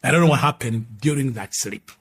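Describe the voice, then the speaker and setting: A Ugandan man around fifty, an apostle, earnestly telling his conversion story as a sermon, shifting between loud declarations and hushed moments. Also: mid-range voice, brisk, breathy edge. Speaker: apostle giving his testimony. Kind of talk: preached personal testimony.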